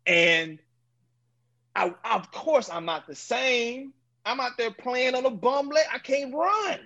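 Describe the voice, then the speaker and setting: A man's voice: slow pace, creaky. A man around forty, a former pro quarterback, telling a long story as a podcast guest and acting out other people's words. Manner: animated, acts out quoted people with sudden high, loud bursts. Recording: dull lo-fi audio.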